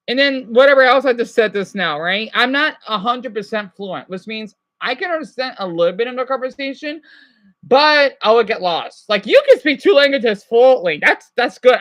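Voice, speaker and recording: Bright-voiced rambling American man. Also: very high voice. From United States. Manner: rambling, many restarts and fillers. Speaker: streamer. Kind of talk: casual live chat with viewers.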